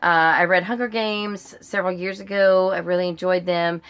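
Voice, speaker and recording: American lady in her middle years reading off tag questions, lots of ums, kinda low voice. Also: fairly even intonation, normal speed, a bit bright, clean tone. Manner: chatty, rambling, frequent ums and uhs. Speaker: book vlogger. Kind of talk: casual tag video answering questions.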